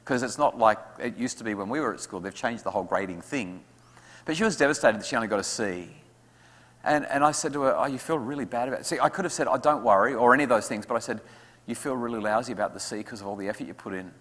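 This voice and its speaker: Man, parent talk, lively, acts out quotes, middle pitch, reverberant hall. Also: fast. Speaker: speaker at a parent evening. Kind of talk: talk to an audience with questions. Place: school hall.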